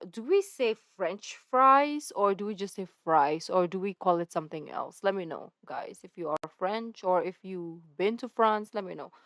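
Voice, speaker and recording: A woman's voice: mid-range voice, expressive, moderate pace, few pauses, a bit bright, no echo. A woman from the Philippines chatting to her viewers in a rambling, casual way. Her voice sits in the middle range and comes through close and dry, with no room sound. She keeps turning to ask the audience what they think. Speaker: reaction video host.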